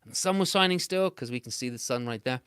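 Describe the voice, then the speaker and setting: A British man tells an improvised story for children, playful and animated. His voice sits at an everyday middle pitch and swings often between loud and hushed. The sound is dry and close, with no room echo. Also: fast talker, clear, resonant tone.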